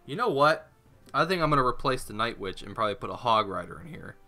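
A man's voice: medium pitch, expressive, fast talker, pushed and bright, soft background music. A young man giving rambling, self-mocking live commentary while playing a mobile game. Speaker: gaming YouTuber.

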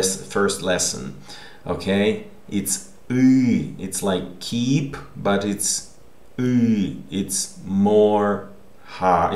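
A man teaches a recorded language lesson, patiently explaining and often checking with a questioning "okay?". His voice sits low and carries a gravelly fry, and his pace is very unhurried. The room around him sounds echoey.

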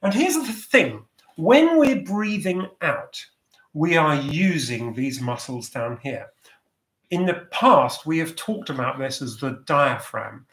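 A man leading a choir's vocal warm-up over a video call, giving gentle, encouraging instructions. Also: fairly high pitch, expressive, takes it slowly, echoey room.

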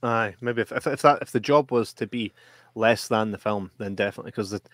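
A man, co-hosting a casual podcast film review, chatty and quick to laugh. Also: lowish voice, a bit bright, no room sound. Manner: chatty, laughs often, swears. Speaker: podcast co-host.

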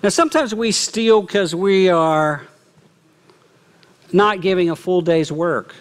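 A middle-aged man preaching a sermon as lead pastor, lively, often acting out quoted remarks. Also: sits high, slow pace. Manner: animated, acts out quoted speech. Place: church.

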